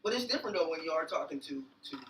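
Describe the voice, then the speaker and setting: Male co-host, high and bright, hesitant and questioning, distant roomy sound with a faint hiss. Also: animated, rapid-fire. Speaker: podcast co-host. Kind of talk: casual chat.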